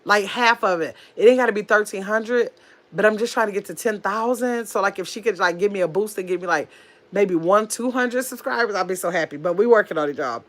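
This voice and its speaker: A woman's voice: mid-range voice, fairly quick. A woman chatting casually on her livestream, telling stories and reading viewer comments aloud. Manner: chatty, animated storyteller, reads comments aloud. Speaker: livestream host.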